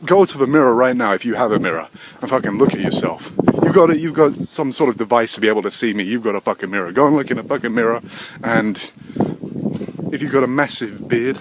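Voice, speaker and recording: A man in his thirties talks alone into a desk microphone, rambling from topic to topic. His everyday middle-pitched voice curses freely, drops to low mutters, then jumps into sudden loud, high-pitched outbursts. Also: animated, fast, noisy background. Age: 30s. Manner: profane, erratic, swings between mutters and loud outbursts. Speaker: podcast host. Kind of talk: rambling solo podcast monologue.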